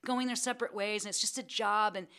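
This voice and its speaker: A middle-aged woman telling stories as a guest in a casual interview, acting out quotes in an animated voice. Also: fast talker, smooth. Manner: animated, acts out quotes in a high excited voice. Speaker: guest actor.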